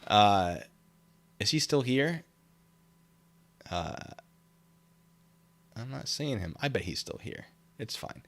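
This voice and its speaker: A man's voice: fairly low pitch, expressive, slow pace, vocal fry, long pauses. A man hosting a casual livestream, reading viewer comments aloud with lots of fillers and laughs. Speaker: livestream host reading chat.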